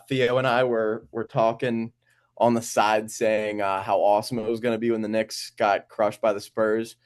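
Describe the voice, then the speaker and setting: A young man co-hosting a podcast over a call, chatting about sports in a relaxed, chatty way. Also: mid-range voice, clean tone. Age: young adult. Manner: relaxed, chatty, laughs easily. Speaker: podcast co-host.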